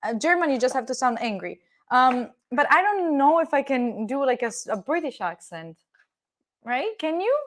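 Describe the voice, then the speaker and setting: Italian girl streaming from her kitchen, kinda high voice, chatty and playful, swears a bit. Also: very animated, normal speed. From Italy. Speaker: livestreamer. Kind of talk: casual live-stream chat while cooking. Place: home kitchen with door open.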